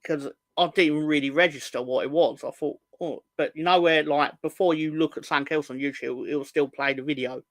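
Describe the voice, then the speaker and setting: A man's voice: a little high, steady tone, fairly quick, few pauses, no echo. A man, co-hosting a casual podcast, rambling, swearing freely and slipping into mocking impressions. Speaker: co-host.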